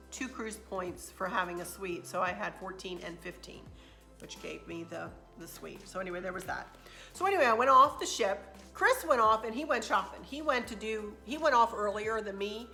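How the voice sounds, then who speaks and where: A woman's voice: mid-range voice, pushed and bright. A woman hosting a casual travel recap vlog, a chatty, rambling storyteller who gets emotional as she talks. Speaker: craft channel host.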